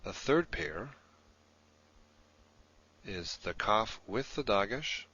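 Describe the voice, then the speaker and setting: Deep-voiced guy explaining slowly, lots of ums, kinda muffled lo-fi audio. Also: animated, sharp tone. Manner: slow, deliberate, explanatory with frequent ums. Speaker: Hebrew course narrator. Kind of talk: recorded lesson narration. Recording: dull lo-fi audio.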